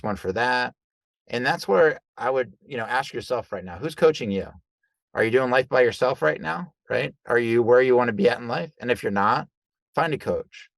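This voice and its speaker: A man, a guest coach, telling stories in a loose, conversational way, acting out quoted dialogue with lively jumps in voice. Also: mid-range voice, brisk, gravelly, dry recording. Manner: animated, acts out quoted dialogue; loose, conversational with fillers like right and like. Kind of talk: casual storytelling in an interview.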